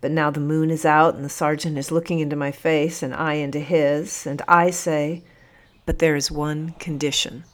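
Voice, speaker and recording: Low-voiced woman narrating an audiobook. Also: level tone, normal speed, few pauses. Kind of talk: first-person audiobook narration.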